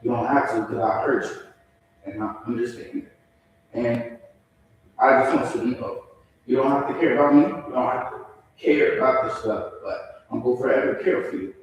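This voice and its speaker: A young man speaking as a defendant at his sentencing, crying, remorseful and halting, often repeating himself. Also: medium pitch, steady tone, slight background noise. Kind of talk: courtroom statement. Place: large echoey courtroom. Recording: echoey courtroom from far off.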